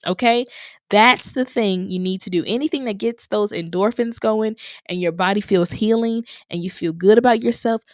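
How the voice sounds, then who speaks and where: A woman's voice: medium pitch, dry recording. Woman host with a dry close sound. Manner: encouraging, repeats phrases for emphasis. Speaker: podcast host. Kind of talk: motivational solo podcast talk.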